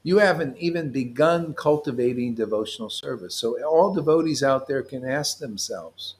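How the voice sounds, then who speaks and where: A man's voice: mid-range voice, moderate pace, hardly any pauses, a little mellow. A man leading an informal devotional talk, reading scripture aloud, explaining it playfully and laughing often. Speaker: spiritual teacher.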